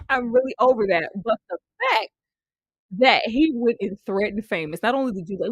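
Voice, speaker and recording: A lively young woman recaps a TV episode in loose, chatty talk, breaking into laughter and mimicking the characters. Her voice sits fairly high and swoops up and down a lot. The sound is close and dry, with no room around it. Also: normal speed, no room sound. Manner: animated, laughs often, acts out characters' lines. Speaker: TV show reviewer. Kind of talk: casual recap chat.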